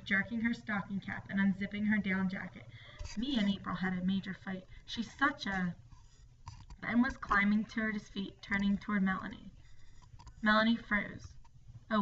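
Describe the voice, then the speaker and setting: A woman narrates a ghost story in a hushed, storytelling way, sometimes sinking into whispers. She sits a little away from the microphone. The recording is dull, with a faint hiss underneath. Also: medium pitch, distant mic.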